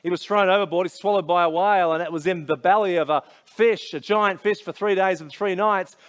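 An Australian man with a fairly high voice delivers a sermon. He talks like he is telling a story to friends, with casual slang and lots of asides. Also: fairly quick. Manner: conversational, storytelling, many asides. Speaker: pastor.

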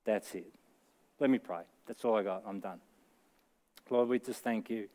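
A man's voice: lowish voice, normal speed, warm tone. A middle-aged man with an Australian accent, preaching a sermon in an earnest, conversational way that rises to emphatic peaks. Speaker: pastor.

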